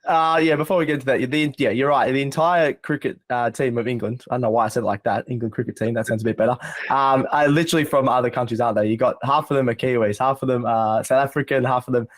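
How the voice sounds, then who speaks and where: Australian male podcast host, rapid chatty delivery, dry close sound. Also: medium pitch, no room sound. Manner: fast, chatty, laughs often. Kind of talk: casual sports podcast chat.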